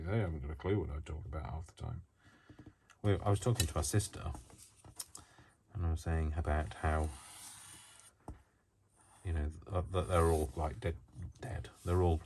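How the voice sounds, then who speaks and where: Talking to himself as he crafts, this low-voiced vlogger rambles in a self-mocking, casual way at normal speed, with long pauses and a slightly mellow tone. The noisy home recording was made on a built-in camera mic, which isn't working.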